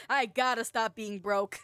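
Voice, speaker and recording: A young adult woman streamer chatting casually and excitedly with her viewers, laughing often. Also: fairly high pitch, clean tone, no echo. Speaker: streamer and VTuber. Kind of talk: casual livestream chat.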